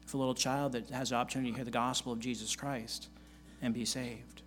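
A man's voice: medium pitch, little pitch movement, fast talker, fairly bright tone, a little hiss or hum. Earnest male pastor preaching scripture. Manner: earnest preaching, reading scripture aloud in old-fashioned wording; repeats key phrases for emphasis. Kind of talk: sermon.

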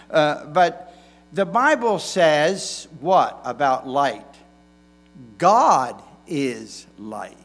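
Slow, folksy preaching man. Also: a little high, lively intonation. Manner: slow, folksy preaching with emphatic stresses and restarts. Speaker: pastor. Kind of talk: sermon.

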